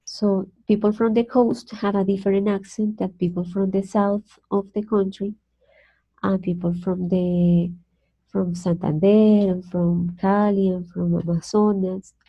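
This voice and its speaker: A Colombian woman, a native Spanish speaker, teaching an online English class slowly and carefully, repeating words for her students. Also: medium pitch, level tone. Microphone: video call. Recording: dull lo-fi video call audio.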